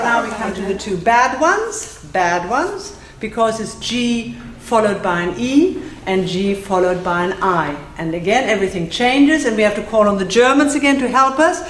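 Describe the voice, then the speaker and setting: A woman teaching a live class, playful and self-mocking, drilling phrases slowly and then fast. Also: on the high side, animated, a bit bright, a little hiss or hum. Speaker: Spanish teacher. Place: classroom with audience. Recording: echoey room with faint ambience.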